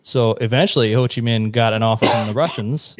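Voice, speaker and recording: An American man on a podcast, explaining history in a blunt, profane, brisk storytelling way. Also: mid-range voice, music in the background. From United States. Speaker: podcast guest. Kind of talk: casual explanatory chat.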